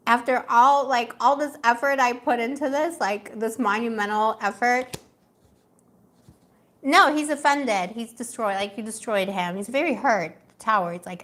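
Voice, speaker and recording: A woman's voice: on the high side, moderate pace, fairly bright tone. A young woman doing a live tarot reading in a casual, chatty way, laughing often and talking with lots of fillers. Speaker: tarot reader.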